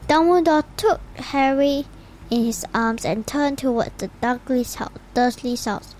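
A woman reading a children's storybook aloud in an unhurried way, with occasional slips and restarts. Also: on the high side, darkish tone, a little hiss or hum, poor audio. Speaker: reader.

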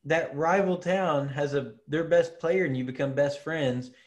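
A man co-hosting a casual sports podcast, laying out his points with long, relaxed examples. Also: fairly high pitch, unhurried. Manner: laid-back, argues with long examples. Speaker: podcast co-host.

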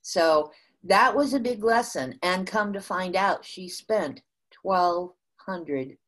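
An older woman from the USA, a guest in an interview, telling a business story in an animated way with frequent restarts. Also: lowish voice, takes it slowly.

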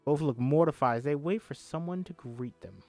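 A man's voice: fairly high pitch, normal speed, warm tone, no room sound, soft background music. A man hosting a comedy podcast, reading a screenplay aloud and breaking off into irreverent, swearing asides. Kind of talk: comedic script read-through.

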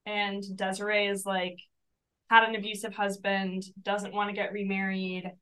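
A woman's voice: mid-range voice, little pitch movement, moderate pace, pushed and bright, clean tone, rough recording. Earnest young woman explaining a story. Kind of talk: casual book-podcast chat.

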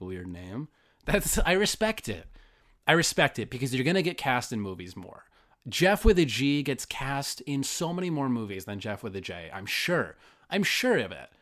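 A man's voice: medium pitch, fairly bright tone. A man hosting his own podcast, rambling through a profane, self-deprecating comic monologue. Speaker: podcast host. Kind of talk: solo comedic monologue.

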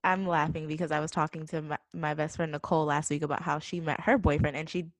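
A woman with a very low voice hosts a conversational interview. She asks questions and reflects on what she hears in an affirming, thoughtful way. Her voice sounds close and dry, with no room echo. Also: little pitch movement, quick pace. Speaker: podcast host.

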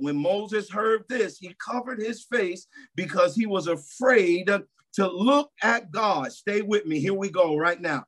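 A man preaching a sermon in a church service, emphatic and repetitive, swinging between loud declarations and hushed asides. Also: sits high.

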